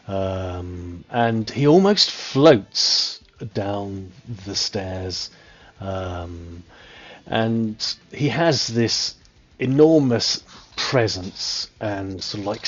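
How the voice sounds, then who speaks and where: A man narrating a tabletop game as game master, describing scenes with many pauses and fillers. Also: on the low side, husky, highs cut off. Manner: hesitant, many ums, describing slowly.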